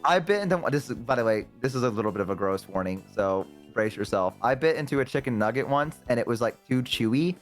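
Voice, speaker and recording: Young man, casual chat guest, lively up-and-down delivery, rambling and profane, faint music bed. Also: mid-range voice, fast talker, hardly any pauses. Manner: rambling, swears a lot, lively impressions.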